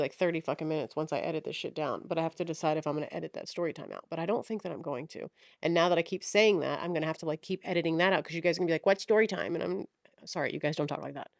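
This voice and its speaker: A woman's voice: deep voice, no room sound, clean studio sound. Frank, swearing young woman podcaster. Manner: frank, swears often, scattered and self-mocking. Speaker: podcast host. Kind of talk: casual rambling monologue.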